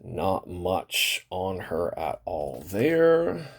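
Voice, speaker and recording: Husky man chatting over a card break. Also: low-pitched, big pitch swings, extremely slow. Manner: draws out the ends of phrases; rambling, chatty, swears casually. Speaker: card-opening channel host. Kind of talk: casual chat while opening trading cards.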